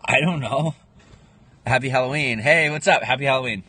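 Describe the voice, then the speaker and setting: A man's voice: medium pitch, normal speed, pushed and bright, slightly rough. Chatty young man on a livestream. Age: 20s. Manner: rambling, answers viewer comments. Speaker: livestream host. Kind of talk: casual livestream chat. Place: home livestream, in Pennsylvania.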